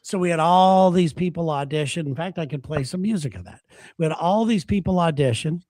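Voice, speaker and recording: Higher-pitched man telling a story. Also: a little fast, darkish tone, no echo, studio quality. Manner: storytelling, laughs while talking. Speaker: radio show host. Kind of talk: casual chat.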